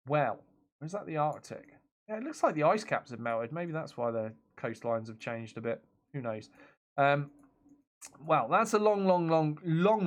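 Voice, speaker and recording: Man streaming a game, casual chatty commentary, laughs often, mid-pitched voice, reads chat messages aloud. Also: fairly bright tone. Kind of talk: casual let's-play commentary.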